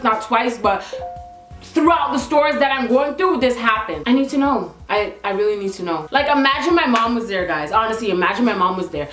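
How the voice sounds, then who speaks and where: Young woman vlogger from Toronto, fairly high voice, animated slangy storyteller, echoey room with faint music. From Toronto, Canada. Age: young adult. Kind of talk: casual storytelling to camera.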